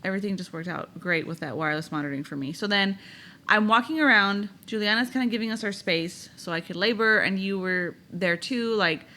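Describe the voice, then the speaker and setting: A woman's voice: medium pitch, brisk, pushed and bright, slight background noise. A young woman co-hosting a podcast, telling a personal story in a chatty, candid way and laughing now and then. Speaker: podcast co-host. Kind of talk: casual storytelling chat.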